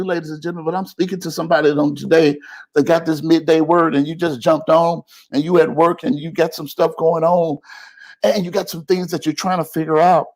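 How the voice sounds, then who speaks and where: A man preaching a live-streamed sermon as pastor, calling out to the congregation with repeated phrases and building to rising, heated intensity. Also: fairly high pitch.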